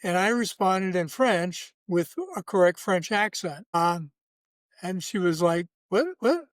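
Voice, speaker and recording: A man in his seventies, a guest telling relaxed personal anecdotes in a measured way. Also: high-pitched, dry recording. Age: 70s. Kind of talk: casual storytelling.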